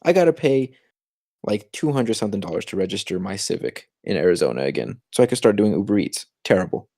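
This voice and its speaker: A young man co-hosting a casual podcast, telling a story in an animated way and acting out what others said. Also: on the low side, fast, gravelly, no echo, clean studio sound. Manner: animated, acts out quoted voices. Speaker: podcast co-host.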